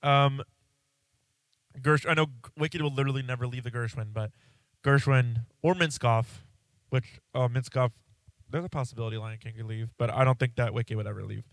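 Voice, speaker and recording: A congested man rambles through a casual solo podcast, breaking off mid-thought and swearing offhandedly. His voice is smooth and resonant, heard close with no room sound. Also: mid-range voice, steady tone, normal speed, dry recording. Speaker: podcast host.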